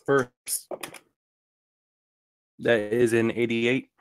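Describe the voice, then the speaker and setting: A man's voice: medium pitch, level tone, drawn-out words, smooth, no room sound, studio quality. A man playing a bard in a tabletop game, talking matter-of-factly. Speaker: player. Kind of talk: casual tabletop play.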